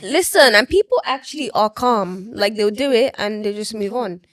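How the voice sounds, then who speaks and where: A young adult actress speaking as an interview guest in casual chat, expressive and quick to laugh. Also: female voice, medium pitch, no echo. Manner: expressive, laughs often, lively storytelling.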